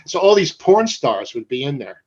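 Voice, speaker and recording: A man's voice: on the high side, moderate pace, breathy edge. An older man, a tattoo artist guest, telling anecdotes in casual conversation, swearing freely and acting out the people in his stories. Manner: animated raconteur, swears freely, acts out voices in anecdotes. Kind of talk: casual storytelling interview. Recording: dull lo-fi recording.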